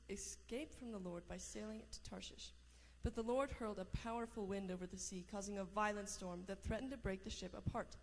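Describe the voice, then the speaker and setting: A woman reads a long Bible passage aloud at an even pace, stumbling now and then and restarting a word. The sound is a hall with a long echo and a faint hum of room ambience behind her. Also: medium pitch. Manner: steady reading with small slips and restarts. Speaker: scripture reader. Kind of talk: reading scripture aloud.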